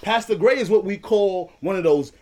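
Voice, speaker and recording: A man's voice: high voice, normal speed, a little mellow. A man co-hosting a podcast, telling a story in a teasing, joking way with playful mock-preacher asides. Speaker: podcast co-host. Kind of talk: casual chat.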